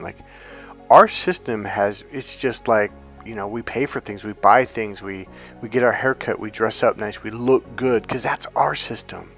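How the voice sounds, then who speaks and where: A man's voice: on the low side, a little slow, gravelly, a bit bright, faint music behind. Emphatic, profane male dating coach. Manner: emphatic, profane, with lots of restarts and acted-out quotes. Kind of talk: sales pitch for a course.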